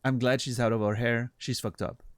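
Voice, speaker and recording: A man's voice: medium pitch, brisk, dry recording, clean studio sound. Casual, swearing male streamer. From Switzerland. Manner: relaxed, swears freely, laughs often. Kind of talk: casual gameplay chat with viewers.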